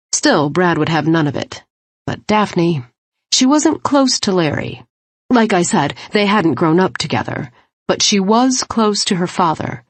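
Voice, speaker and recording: Female audiobook narrator, lowish voice, dry close recording, earnest. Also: no echo. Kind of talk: first-person audiobook narration.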